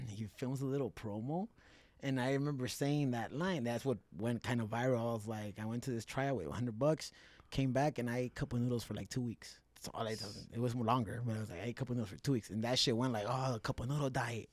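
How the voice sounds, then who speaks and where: A man's voice: mid-range voice, fast, no room sound. Profane man telling fight stories. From South Central Los Angeles. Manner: profane, animated, mixes Spanish words. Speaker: fighter guest. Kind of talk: casual podcast storytelling.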